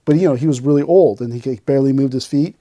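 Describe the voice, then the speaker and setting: A man's voice: medium pitch, fast talker, mellow, no echo, clean studio sound. A man hosting a podcast, telling stories in casual chat and acting out scenes with sound effects and quoted voices. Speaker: podcast host.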